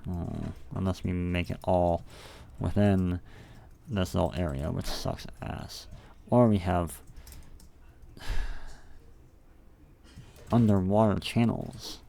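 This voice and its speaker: A young man with a low, gravelly voice talks to himself while building a game level, rambling and cursing casually. Faint hiss and keyboard typing sit behind him. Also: takes it slowly, pauses often, mellow. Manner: rambling, profane, self-talking. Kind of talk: casual thinking aloud while working.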